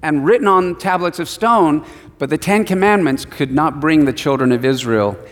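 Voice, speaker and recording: A man's voice: fairly high pitch, moderate pace. A man preaching a sermon, reading scripture and retelling it in a casual storytelling way, heard with a long hall reverb. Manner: conversational storytelling with acted quotes.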